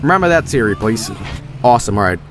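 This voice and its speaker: A man streaming a game, joking crudely and reacting with excitement. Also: lowish voice, fast. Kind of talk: live game commentary. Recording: game music behind.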